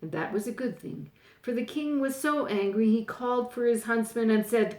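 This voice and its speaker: An older woman, a grandmother, reading a storybook aloud gently and pointing out the pictures. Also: medium pitch, animated, moderate pace, roomy sound.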